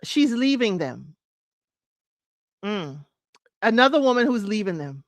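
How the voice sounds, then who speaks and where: A woman's voice: mid-range voice, very animated, unhurried, no echo. A woman hosting a casual solo talk show, chatting to listeners as y'all and breaking into sung lyrics. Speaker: podcast host.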